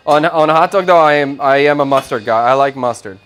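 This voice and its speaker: A man's voice: mid-range voice, brisk, fairly bright tone, faint music behind. A middle-aged man, a chef hosting a casual cooking livestream, chatting loosely and thinking aloud while he cooks.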